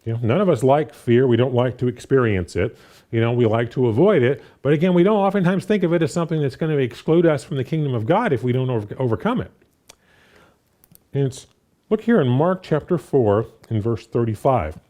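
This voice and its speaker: A man preaching a sermon in an easygoing, conversational manner, full of restarts and "you know" fillers. His voice is mellow and warm, and his pitch rises and falls a lot as he reads scripture and acts out the speakers in it. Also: fairly quick. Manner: reads scripture aloud and paraphrases it with animated voices.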